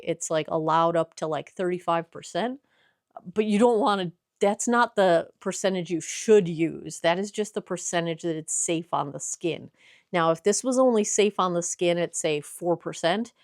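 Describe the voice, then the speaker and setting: A woman's voice: on the low side, dry recording, clean studio sound. A woman casually chatting to viewers as she works in her workshop, explaining steps and correcting herself as she goes. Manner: chatty, explains while working, self-correcting. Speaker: small business owner making skincare. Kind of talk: casual vlog with instructions.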